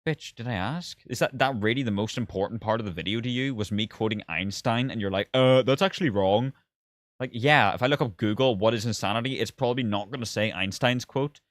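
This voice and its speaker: A man's voice: on the low side, quick pace, hardly any pauses, fairly bright tone, no room sound, studio quality. A man who reviews games, chatting casually on a live stream and reacting to viewer comments with sarcasm, swearing and disbelief. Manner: exasperated, sarcastic, laughing, swearing.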